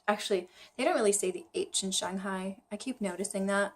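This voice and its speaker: A woman's voice: mid-range voice, a little fast. A woman vlogging about her study habits, chatty and self-deprecating, thinking aloud as she goes. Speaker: vlogger learning Chinese. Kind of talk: casual vlog talk to camera.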